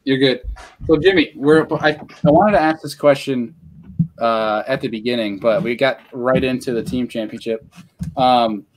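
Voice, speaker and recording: A man's voice: medium pitch, normal speed, a little hiss or hum. A man from New York State hosting a podcast, chatting easily and asking questions. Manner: easygoing, asks questions. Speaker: podcast host. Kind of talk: casual podcast chat.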